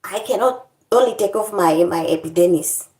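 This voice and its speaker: A woman's voice: medium pitch, normal speed, dark tone, roomy sound. A woman vlogger in casual chat, complaining in a playful, dramatic way.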